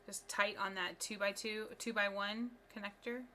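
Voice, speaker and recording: A woman's voice: medium pitch, steady tone, a little slow, sharp tone, a little hiss or hum. A woman streaming live from home, chatting casually and upbeat with her viewers while she builds.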